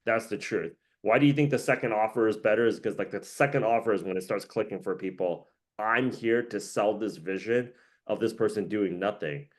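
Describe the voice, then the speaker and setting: A man's voice: fairly low pitch, fairly quick. A man hosting a casual career-coaching monologue, rambling, joking and laughing often.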